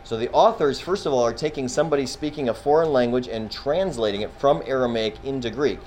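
A man's voice: medium pitch, fast, darkish tone, a little hiss or hum, poor audio. A man teaching a Bible class in a classroom, talking casually, quizzing his students and often restarting his sentences.

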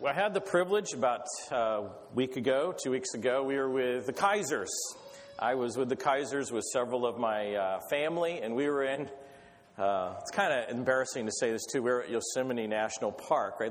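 Rambling, earnest man in an echoey hall. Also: medium pitch. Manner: earnest, rambling, with hesitant restarts. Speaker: guest speaker. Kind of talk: sermon with prayer and anecdotes. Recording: echoey hall, faint background noise.

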